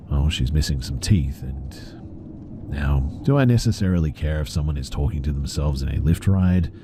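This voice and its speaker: A man's voice: a bass voice, dark tone, a little hiss or hum. A man narrating a first-person horror story in a casual, conversational way.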